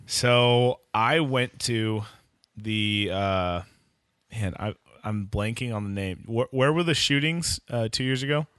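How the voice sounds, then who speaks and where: A man's voice: mid-range voice, slow, a bit bright, clear, resonant tone, dry recording, clean studio sound. A young man in casual podcast chat, rambling with many fillers and joking. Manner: rambling, many likes, jokey.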